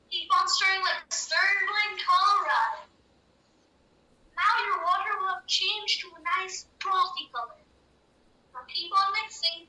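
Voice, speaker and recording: Young woman doing a boy chef, very high and piercingly bright voice, mock cooking show, cheery instructions, deadpan dark jokes. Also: heavily acted, poor audio. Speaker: chef in a comic cooking tutorial.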